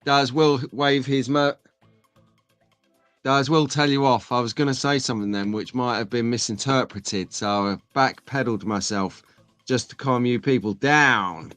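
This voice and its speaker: A man's voice: medium pitch, unhurried, fairly bright tone, no echo. A man hosts a casual live stream, bantering with the chat in a jokey, rambling way. He has only just woken up. His voice sits mid-range and sounds dry and close to the mic, with faint music under it. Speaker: host.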